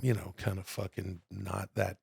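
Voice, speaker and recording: A middle-aged man with a gravelly, fried edge to his voice chats loosely on a podcast. He swears freely and tells rambling stories. The sound is close and dry. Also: sits low, moderate pace, dry recording. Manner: loud, profane storytelling with bursts of excitement. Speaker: podcast co-host. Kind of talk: casual podcast chat.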